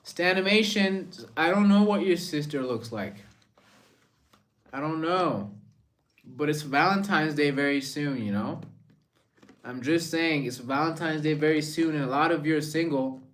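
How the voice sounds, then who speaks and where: A man's voice: on the high side, unhurried, a bit bright. A man hosting a live stream in a casual, rambling way, reading out viewer comments and answering them.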